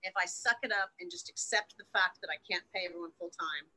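A woman's voice: fairly low pitch, fast talker, pushed and bright, poor audio. A woman guest in an interview, recounting a personal story frankly, emotionally and with plenty of swearing. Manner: frank and profane, emotional retelling.

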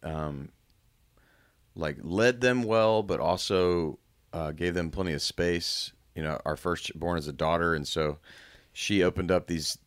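A man in his thirties talking candidly as a guest, reflective and halting, with frequent restarts. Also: deep voice. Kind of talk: candid personal conversation.

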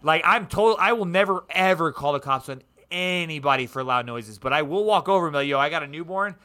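Fast-talking bright-voiced man. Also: on the high side. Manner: rambling, profane, animated. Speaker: podcast co-host. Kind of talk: casual chat.

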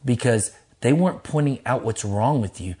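A middle-aged man, a pastor, telling his life story in an interview in a lively, casual way, acting out quotes in a raised voice and cursing freely. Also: normal speed. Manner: animated, acts out quotes in a high voice, laughs, swears casually.

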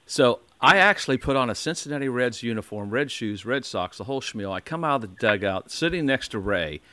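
There's no room sound as a podcast host from the American Midwest, speaking fairly quickly at medium pitch, tells a long story in casual chat. He's an animated storyteller who acts out quotes and restarts frequently.

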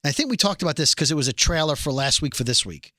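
Animated high-voiced man recapping a show. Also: fast. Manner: rambling, animated, self-deprecating nerd talk. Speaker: podcast co-host. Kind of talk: casual chat recapping a TV episode.

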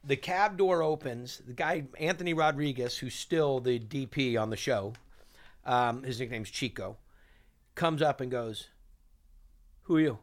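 A chef and TV host appears as an interview guest, telling lively stories and acting out other people's lines. His voice is mid-range and his pace a little slow.

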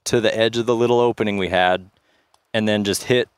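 A man guesting on a podcast, telling a story in a vivid, measured way. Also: fairly low pitch, steady tone, smooth, dry recording, studio quality. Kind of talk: casual storytelling chat.

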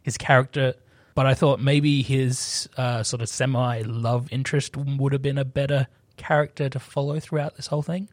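A man at a middling pitch gives his film opinions tentatively, repeating words as he works out his point. The sound is dry and close. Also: flat delivery, normal speed, dry recording. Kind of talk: casual film review chat.

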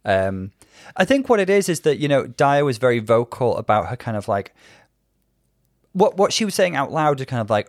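A man's voice: medium pitch, very animated, normal speed, no echo, studio quality. A man co-hosting a casual podcast recap, explaining things at length in an easygoing way with a ready laugh. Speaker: podcast co-host. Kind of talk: casual chat recapping a TV show.

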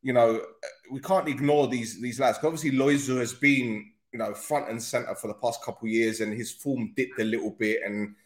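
A man's voice: mid-range voice, steady tone, moderate pace. A man hosting a casual football interview, chatty and rambling, joking with guests. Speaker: podcast host. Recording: echoey room.

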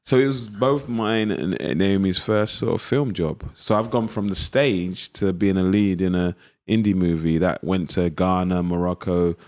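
A man's voice: sits low, moderate pace. A man from East London with a local accent, an actor telling stories in an interview and acting out old conversations. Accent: East London English. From East London, England. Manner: animated storyteller acting out past conversations. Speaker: actor guest. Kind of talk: interview storytelling.

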